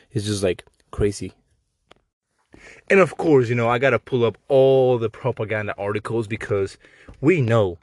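A man's voice: on the low side, a little mellow, no echo, clean studio sound. A man with a Mexican accent hosting a podcast, ranting in a sarcastic, profane, slangy way. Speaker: podcast host. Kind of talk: casual podcast rant.

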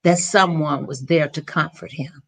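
A middle-aged woman tells a personal story in an interview. Her voice is gravelly and sits a little low. She speaks earnestly, with feeling and frequent restarts. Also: fairly even intonation, unhurried. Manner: earnest, emotional, with many restarts. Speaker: interview guest.

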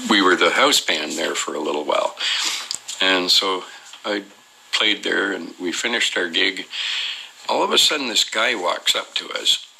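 A man's voice: low voice, vocal fry, sharp tone, slight background noise, rough recording. A man telling his own experience in an unscripted, rambling way, hesitating often with "uh" and restarting his sentences. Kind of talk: unscripted personal storytelling.

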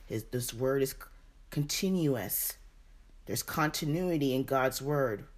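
A woman's voice: extremely low pitch, animated, a little slow. A woman leading a Bible study, reading verses aloud and then repeating and explaining them. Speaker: Bible teacher.

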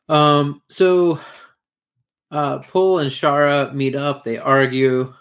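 A man's voice: fairly high pitch, steady tone, very slow. A man chatting casually as a podcast co-host, recapping an episode in a rambling, crude way full of fillers. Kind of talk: casual chat.

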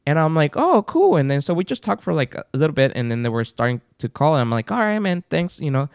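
A man's voice: mid-range voice, quick pace, darkish tone, smooth, dry recording, studio quality. A man co-hosting a podcast, telling a story in a casual chat and acting out the people in it. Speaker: podcast co-host.

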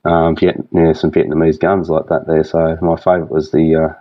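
Australian man, very low voice, halting casual storyteller, muffled dry sound. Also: little pitch movement, no echo. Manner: rambling, halting, full of restarts and fillers. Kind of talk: casual chat.

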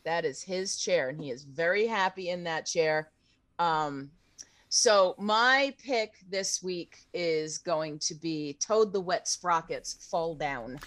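A woman's voice: on the low side, takes it slowly, fairly bright tone. A woman co-hosting a podcast, chatty and teasing, laughing easily. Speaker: podcast co-host. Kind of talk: casual chat.

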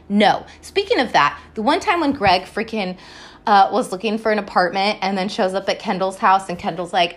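A woman's voice: mid-range voice, expressive, normal speed, a little hiss or hum. Chatty, foul-mouthed woman podcaster. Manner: rambling, heavy swearing, laughs often. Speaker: podcast host. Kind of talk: casual TV recap monologue.

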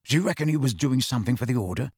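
A man voicing an excitable, easygoing teenage schoolboy wizard who mutters conspiratorially in a storybook reading. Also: medium pitch, rapid-fire, husky, dry recording, studio quality.

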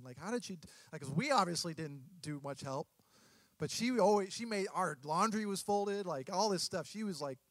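A man in his thirties preaching a sermon as a pastor, earnest and halting, often restarting his sentences. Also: high voice, fairly bright tone, dry recording.

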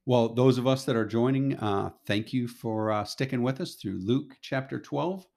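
Gravelly man teaching a Bible lesson. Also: mid-range voice, moderate pace. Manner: relaxed, conversational, gets emphatic when paraphrasing. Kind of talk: casual Bible lesson, reading and explaining scripture.

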